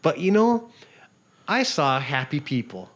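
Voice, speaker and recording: A Canadian man, a travel writer, talking as a guest in a casual interview, rambling through animated stories, laughing often and acting out what people said to him. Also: a little high, a little slow.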